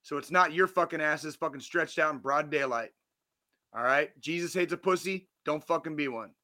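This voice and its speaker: Speaking at a normal speed with a sharp tone, this fortysomething man has a voice on the high side. He hosts a podcast and gives an earnest motivational pep talk that's blunt and loaded with profanity, casual monologue style.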